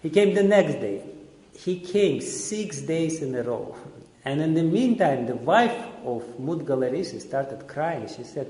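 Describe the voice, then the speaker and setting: In an echoey lecture hall, a man teaches a seminar by telling a story conversationally, chuckling often. His voice sits on the high side with a dark tone, expressive and at a measured pace, and the talk is a storytelling lecture.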